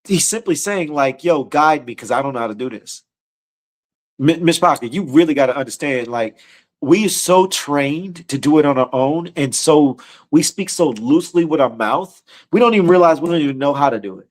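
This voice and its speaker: A man's voice: a little high, lively intonation, normal speed. A man teaching scripture in a casual, slangy sermon style, often repeating and restarting his words. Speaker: teacher leading a scripture study.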